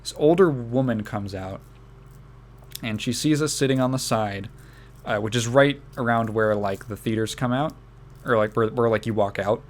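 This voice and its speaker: Speaking at a moderate pace in a mid-range voice, a young podcast host tells a casual story. His telling rambles, full of restarts, fillers, and laughter.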